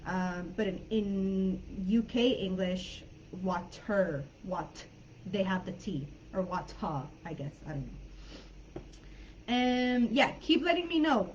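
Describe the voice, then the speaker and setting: A woman's voice: medium pitch, a little mellow, dull audio, a little hiss or hum. An American woman teaching an online English class who thinks aloud and hedges as she explains. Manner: thinking aloud, tentative and hesitant.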